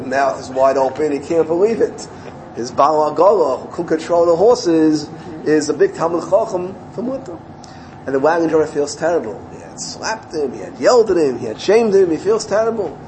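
A rabbi gives a Torah talk in a fairly high voice. He tells his story energy and acts out each quote. A faint hum of noise sits behind him. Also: rough recording. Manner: animated storytelling, acting out quotes with rising pitch.

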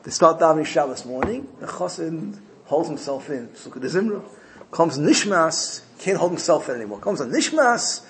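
A man giving an animated Torah sermon, telling stories and using Hebrew and Yiddish terms. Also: a little high, a little fast, vocal fry, a little hiss or hum. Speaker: rabbi teaching Torah. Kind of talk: sermon with storytelling.

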